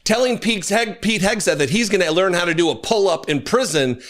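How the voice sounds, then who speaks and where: Sarcastic male commentary host; high, bright, animated delivery. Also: a little fast. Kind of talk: casual commentary.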